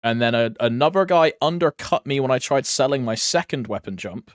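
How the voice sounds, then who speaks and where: A man's voice: mid-range voice, lively intonation, brisk, no room sound, clean studio sound. A young man chatting casually while streaming a game, rambling, laughing often and using crude slang.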